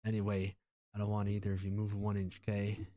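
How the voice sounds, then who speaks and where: A man doing a gruff Boston-accented cop. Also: lowish voice, completely flat delivery, fairly quick, warm tone, dry recording, natural voice. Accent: put-on Boston cop accent. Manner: tough-talking, tags lines with "see?". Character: gruff blustering male police detective. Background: game music.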